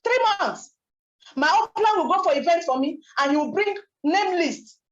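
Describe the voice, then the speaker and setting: A young woman tells her business story as a motivational talk, emphatic and animated, with rhetorical questions. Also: very high-pitched, moderate pace, echoey room, lo-fi sound. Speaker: network marketing speaker.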